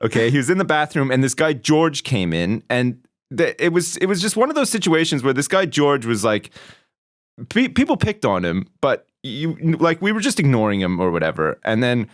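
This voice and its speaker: Lively, swearing British man telling stories. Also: moderate pace, dry recording, clean studio sound. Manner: swears a lot, animated, acts out quotes in a high voice. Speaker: podcast co-host. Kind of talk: casual storytelling chat.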